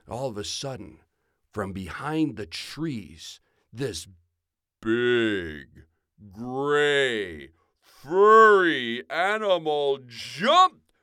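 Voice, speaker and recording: A man telling a children's story aloud in a folksy, drawn-out way. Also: medium pitch, big pitch swings, pushed and bright, smooth, no echo, studio quality.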